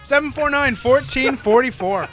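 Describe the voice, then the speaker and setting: A man co-hosting a comic call-in radio show, teasing callers with quick comebacks. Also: very high voice, a bit bright, faint music behind. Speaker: radio co-host.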